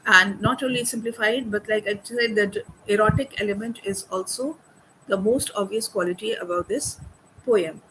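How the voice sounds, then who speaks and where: A woman's voice: mid-range voice, moderate pace, fairly bright tone, a little hiss or hum, poor audio. A woman lecturing on a poem, thoughtful and hesitant with fillers, reading quoted verse aloud. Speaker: literature lecturer. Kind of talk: academic lecture.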